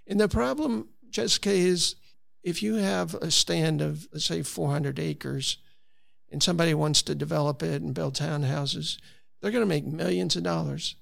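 Gravelly guy from florida talking conservation, earnest, dry close sound. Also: fairly high pitch, moderate pace, no room sound. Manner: earnest, storytelling with many restarts. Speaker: conservation advocate, guest. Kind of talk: conversational interview.

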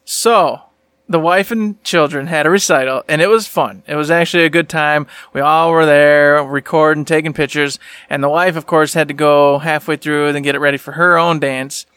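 A man's voice: on the high side, fairly even intonation, normal speed, a bit bright, clean tone, dry recording. A man co-hosting a casual podcast chat, telling easygoing, chatty stories. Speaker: podcast co-host.

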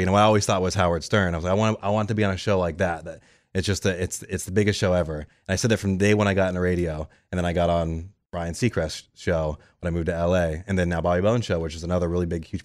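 A man in his thirties with a low voice tells his career story at a quick clip. He slips into animated voices when he quotes people. The sound is dry and close. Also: no room sound. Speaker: radio show cast member. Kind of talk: conversational storytelling.

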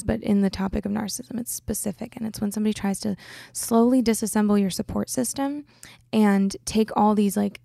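A woman's voice: mid-range voice, creaky, dark tone, no echo, studio quality. A young adult woman hosting a podcast, telling a personal story in a casual, chatty way full of "like" fillers. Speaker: podcast host.

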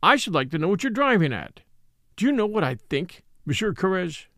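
A man reading the part of an impatient English gentleman who answers dryly and curtly. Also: high voice, very animated, a little fast, dry recording, voice pushed up, full character voice. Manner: dry and curt. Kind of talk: audiobook character reading.

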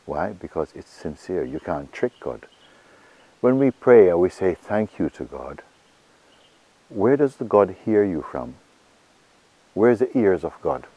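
A man giving a spiritual talk to a gathering, asking questions and answering them himself and softly repeating phrases. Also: sits low, very animated, measured pace, long pauses, breathy edge, dry recording, dull audio. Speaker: spiritual teacher.

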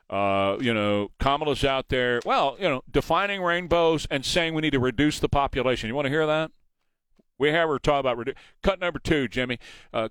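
A man's voice: on the high side, a bit bright, smooth, no room sound. A man hosting a morning talk radio show, opinionated and mocking.

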